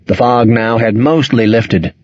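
Slow, husky male audiobook narrator. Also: mid-range voice, no room sound, dull audio. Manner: measured, expressive storytelling. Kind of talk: scripted narration.

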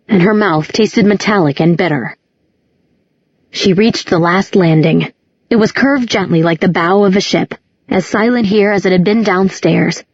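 A woman narrating a novel aloud as an audiobook narrator, in a measured, even reading. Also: fairly low pitch, dry recording. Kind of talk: scripted narration. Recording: dull lo-fi audiobook recording.

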